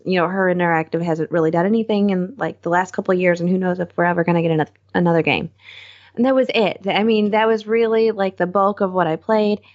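A woman co-hosting and producing a podcast, chatting in a rambling, excitable way and acting out what people said. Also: medium pitch, dull audio. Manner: rambling, excitable storyteller who acts out quotes. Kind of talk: casual chat.

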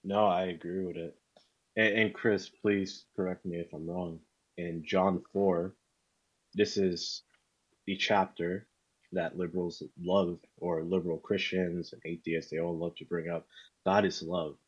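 A man co-hosting a podcast in casual chat, talking haltingly and repeating words. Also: low voice, level tone, breathy edge, lo-fi sound. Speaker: podcast co-host.

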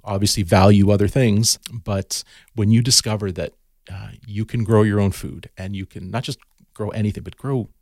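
A man's voice: on the low side, fairly even intonation, moderate pace, darkish tone, no echo, studio quality. A man, a garden educator, talking casually as a podcast guest and telling stories with lots of restarts and fillers. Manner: storytelling, many restarts and fillers.

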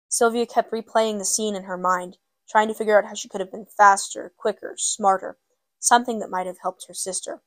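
A woman reads a novel aloud as audiobook narration, her pace measured and steady. Her pitch sits in the middle of the range, and the recording is close and dry. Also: no echo.

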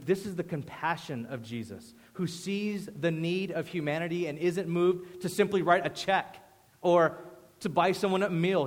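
A man preaches in a lively, conversational way, swinging from punchy storytelling to sudden quiet emphasis. His voice sits a little on the high side. The sound carries the long reverb of a big hall. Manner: animated, conversational storytelling with sudden hushed drops. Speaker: pastor. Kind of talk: sermon.

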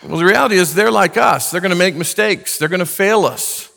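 A man's voice: high voice, a little fast, vocal fry, pushed and bright. A man preaching a sermon to his congregation, earnest and conversational, with casual asides. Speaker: pastor. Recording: long hall reverb.

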